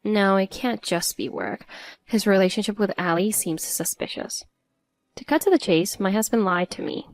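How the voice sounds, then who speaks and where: Brief: woman narrator, earnest emotional first-person storytelling, mid pitch, dry close mic. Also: moderate pace, dry recording.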